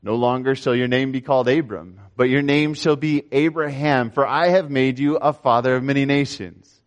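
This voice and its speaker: A young man preaching a sermon, telling a story with animated swings between raised emphasis and quiet asides. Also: mid-range voice, normal speed, dull audio. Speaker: pastor.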